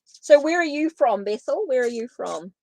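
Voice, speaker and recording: A woman's voice: high voice, animated, moderate pace, slight background noise, rough recording. A woman from New Zealand with a Kiwi accent, giving tarot readings on a live stream in a chatty way that repeats itself and answers viewers. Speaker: tarot reader.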